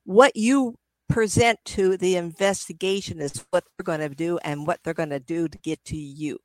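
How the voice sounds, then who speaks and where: A woman's voice: fairly low pitch, fairly even intonation, moderate pace, a little mellow, no echo. A middle-aged woman, a psychic medium, chatting in an interview and acting out spirits with gasps and laughs. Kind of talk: casual interview talk.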